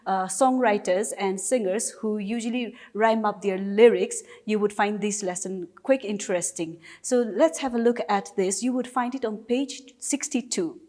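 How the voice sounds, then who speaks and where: A woman's voice: mid-range voice, moderate pace, hardly any pauses, dark tone. A woman teacher from Nagaland with a Naga English accent, giving a recorded class lesson patiently and step by step with repeated examples. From Nagaland, India.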